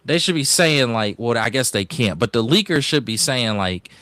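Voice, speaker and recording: Uomo vivace con opinioni schiette. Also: male voice, medium pitch, expressive, normal speed, pushed and bright, no room sound. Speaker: podcast co-host. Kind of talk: casual podcast chat.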